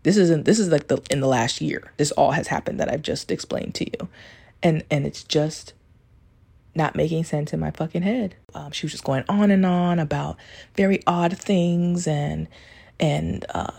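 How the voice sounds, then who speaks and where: A woman hosting a podcast, talking in a candid, confessional way, swearing freely and keeping her voice low so she won't be overheard. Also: normal speed, vocal fry, warm tone, husky. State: talking low to stay quiet. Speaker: podcast host. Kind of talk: casual confessional monologue.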